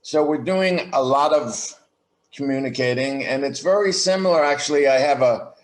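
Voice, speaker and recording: Speaking as a podcast guest over a video call, a man with a mid-range, reverberant voice lays out his ideas slowly and reflectively. It's a conversational interview, and he often restarts his sentences.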